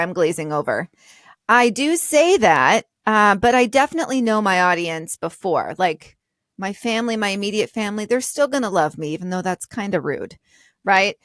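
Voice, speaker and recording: A woman's voice: medium pitch, a bit bright, dry recording, studio quality. A middle-aged woman co-hosting a podcast, talking in a straightforward, chatty way. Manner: straightforward, laughs often. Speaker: podcast co-host. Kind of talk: casual chat.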